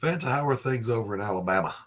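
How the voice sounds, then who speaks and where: Husky-voiced man chatting. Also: mid-range voice, very fast. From Southern United States. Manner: chatty, laughs easily. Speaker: livestream host. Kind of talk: casual chat.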